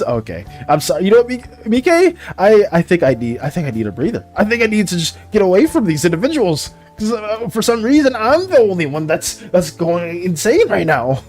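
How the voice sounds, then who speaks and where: Man streaming with high lively chatter. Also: moderate pace, soft background music. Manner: dramatic, playful, laughs often. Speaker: art streamer. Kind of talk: casual live-stream chat.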